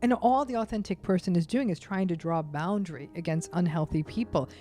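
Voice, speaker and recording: A woman with a somewhat low voice speaks as a guest expert in a podcast interview. She explains her points emphatically, often slipping into short acted-out quotes to make them vivid. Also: a little fast, warm tone. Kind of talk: interview conversation.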